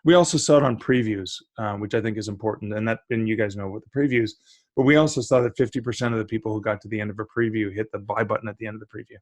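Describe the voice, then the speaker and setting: A man's voice: on the low side, very fast, no room sound. Enthusiastic man on a dry podcast mic. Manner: enthusiastic, restarts mid-sentence. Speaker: guest, publishing consultant. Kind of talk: casual podcast interview.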